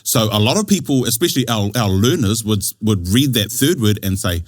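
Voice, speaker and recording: Animated New Zealand man teaching. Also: fairly low pitch, a little fast, no room sound, clean studio sound. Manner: animated, laughing, coaxing, with frequent checks like "yeah?". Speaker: te reo Māori teacher. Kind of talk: lively classroom explanation.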